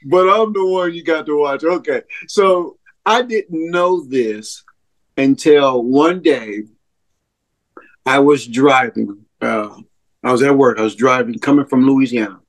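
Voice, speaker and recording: A man telling his personal testimony as an interview guest, earnest and heartfelt. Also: mid-range voice. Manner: earnest storyteller, slow and heartfelt. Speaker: interview guest, ministry co-founder.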